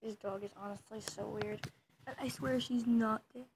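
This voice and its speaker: A woman's voice: on the high side, fairly even intonation, normal speed, noisy background. A woman vlogging casually as she playfully teases her dog. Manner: playful, teasing. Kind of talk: casual chat.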